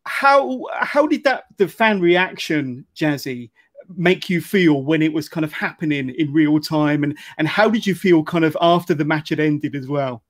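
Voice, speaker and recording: Podcast host asking long, rambling questions. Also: male voice, on the high side, lively intonation, moderate pace. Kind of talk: interview questions.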